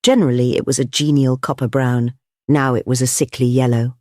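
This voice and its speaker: An audiobook narrator reading a classic detective story in a measured, even way. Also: mid-range voice, no echo, clean studio sound. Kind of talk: scripted narration of a classic novel.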